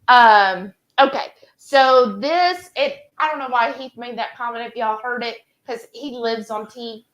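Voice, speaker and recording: A Texan woman co-hosts a cooking channel video from her home kitchen, chatting casually, reading viewer comments, and saying "y'all" often. Her voice is fairly high and bright, at a measured pace. Audio quality is poor.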